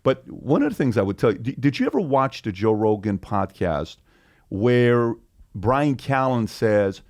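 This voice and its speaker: A man's voice: medium pitch, unhurried. A middle-aged man chatting as a podcast guest, telling stories and acting out the quotes. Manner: animated storyteller who acts out quotes. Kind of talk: casual storytelling chat.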